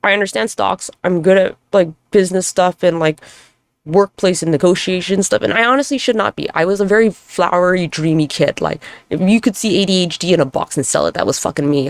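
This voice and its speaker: A woman's voice: fairly low pitch, fairly quick, no echo. A woman hosting a solo podcast monologue, talking in a candid, rambling, profane way with self-deprecating humor. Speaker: podcast host.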